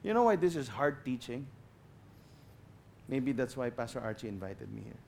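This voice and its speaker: A man with a Filipino accent preaching a sermon as a guest pastor, passionate, swinging between loud emphasis and quiet asides, slipping in Tagalog phrases. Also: medium pitch, sing-song, normal speed, creaky, slight background noise.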